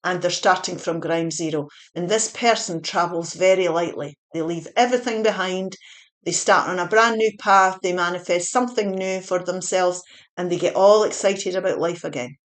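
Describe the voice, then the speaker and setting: A woman's voice: lowish voice, normal speed. Woman, tarot reader; earnest, repetitive, encouraging delivery with fillers. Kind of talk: spiritual tarot reading.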